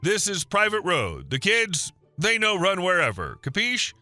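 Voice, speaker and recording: A smug, dismissive young rich man, read aloud by a male narrator. His tone is somewhat high and very bright, with faint music underneath. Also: wildly swooping pitch, a little slow, no echo, full character voice. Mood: arrogant. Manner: arrogant, dismissive. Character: young rich arrogant man, association president.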